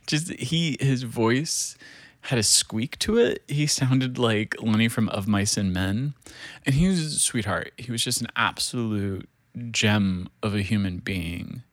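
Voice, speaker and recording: A man's voice: medium pitch, expressive, slow pace, fairly bright tone, no echo. A man in his thirties telling a rambling story, full of fillers, swearing and laughter. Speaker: show creator. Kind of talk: casual storytelling.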